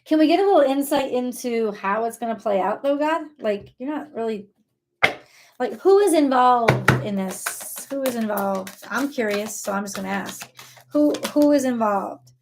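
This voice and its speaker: A woman giving a casual live tarot reading, excitable, talking to God and her viewers and swearing now and then. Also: a little high, moderate pace, noisy background. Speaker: tarot reader.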